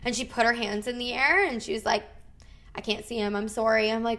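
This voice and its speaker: A woman's voice: fairly high pitch, fast. A woman in her thirties, a podcast host, casually telling a story, full of "like" and quoted dialogue. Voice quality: frequent "like" fillers, animated retelling with quoted dialogue.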